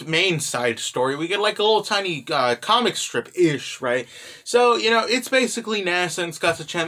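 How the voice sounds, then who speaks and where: A young man with a high, bright voice rambles through a casual manga recap. He strings thoughts together with constant "you know" and "right?" fillers.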